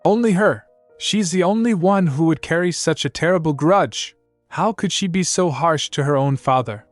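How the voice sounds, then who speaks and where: A man's voice: fairly high pitch, normal speed, no echo, soft background music, voice pushed up, natural voice. A man voicing a proud, stubborn old grandfather who groans and protests in a storybook recap. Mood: sobbing.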